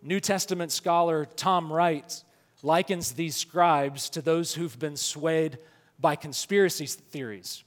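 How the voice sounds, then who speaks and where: High-voiced preacher in a reverberant hall. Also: male voice. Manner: builds to loud emphatic preaching, slows for scripture. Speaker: pastor. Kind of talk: sermon.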